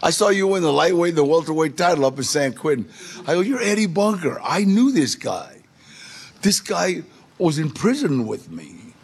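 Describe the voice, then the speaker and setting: A man's voice: fairly high pitch, sing-song, moderate pace, gravelly, husky. A man with a streetwise, emphatic way of talking, casually telling a personal recovery story. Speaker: storyteller guest.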